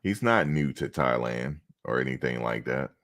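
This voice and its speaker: An animated bass voice, a bit bright, speaks at normal speed. The man is a reaction streamer chatting casually on a livestream, telling rambling stories and talking right to his viewers.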